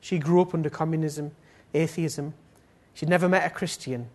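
A man preaching a sermon and leading prayer, swinging between loud pleading appeals and soft, low passages. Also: steady tone, normal speed.

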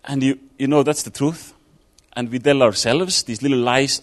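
A man's voice: mid-range voice, moderate pace, hardly any pauses. A man giving an informal sermon, talking it through casually with fillers and restarts. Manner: conversational, thinking aloud with fillers and restarts. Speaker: preacher.

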